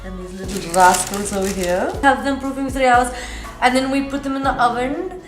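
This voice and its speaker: A chatty, playful woman walks through a home recipe, now and then half-singing her words. Her voice rings around a very echoey home kitchen. Clear music plays behind her. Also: on the high side, moderate pace. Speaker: home cook presenting a recipe. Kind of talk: casual cooking vlog chat.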